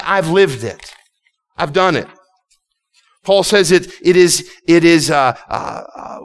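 A man's voice: a little high, a bit bright. A man preaching a sermon to his congregation, impassioned and repetitive, often stumbling and restarting his words. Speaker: pastor.

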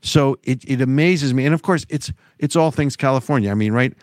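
A man's voice: medium pitch, fairly quick, darkish tone, dry recording, clean studio sound. A man co-hosting a casual political talk show, wry and sarcastic, rambling with restarts. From United States. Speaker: podcast co-host.

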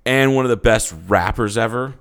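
A man's voice: mid-range voice, normal speed, fairly bright tone, smooth. A man co-hosting a podcast in casual, joking chat, swearing freely and breaking into mock voices. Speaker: podcast co-host.

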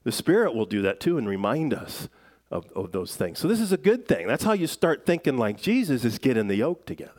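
A middle-aged man preaching a sermon in a relaxed, conversational way, with self-deprecating jokes and frequent fillers. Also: medium pitch, a little fast. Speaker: pastor.

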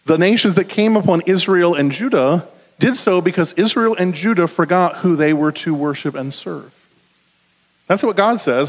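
A man with a Southern US accent preaching a conversational sermon with jokey asides, slowing down for emphasis. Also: high voice. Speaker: pastor. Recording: long hall reverb.

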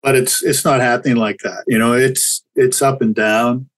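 An older Canadian man, a chiropractor appearing as a guest in a casual interview, speaks candidly and reflectively and often restarts his sentences. His voice is mid-range and steady at normal speed, on a low-quality recording.

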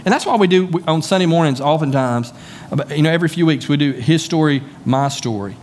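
A man's voice: fairly high pitch, quick pace, darkish tone, slight background noise. Folksy Southern preacher, a man. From Southern United States. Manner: folksy, conversational preaching with repeated words and asides. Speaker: pastor. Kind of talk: sermon. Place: church sanctuary.

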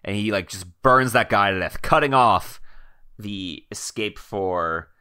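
A man's voice: on the low side, a little slow, sharp tone, smooth. A man narrating as game master of a tabletop role-playing game, talking casually with many fillers and restarts.

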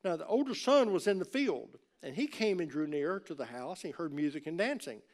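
A man preaching a sermon in a church, talking with the congregation in an easy, conversational way. His voice sits a little higher than most men's. He swings from loud, emphatic peaks down to soft, low asides. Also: sing-song, fairly quick. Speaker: pastor.

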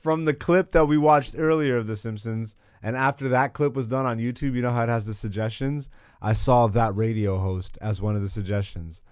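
A man's voice: mid-range voice, fairly even intonation, fairly quick, darkish tone, smooth, dry recording, clean studio sound. A man hosting a podcast in loose, profane chat, laughing a lot. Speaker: podcast host. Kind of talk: casual chat.

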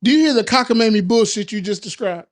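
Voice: medium pitch, animated, fast. A podcast co-host cutting in with blunt, dismissive remarks during casual banter.

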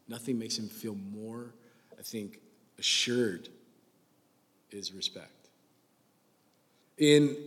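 A young man in his twenties preaches with a casual, joking delivery, teasing his listeners as he goes. His voice sits at an ordinary middle pitch. It rings with a long reverb, as in a large hall. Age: 20s. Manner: joking, conversational preaching with rising excitement. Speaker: pastor. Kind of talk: sermon.

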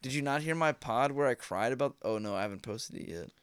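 A man's voice: mid-range voice, lively intonation, fast, smooth, no room sound, studio quality. A young man co-hosting a casual podcast in a laid-back, profane way, laughing often. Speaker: podcast co-host. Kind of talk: casual chat.

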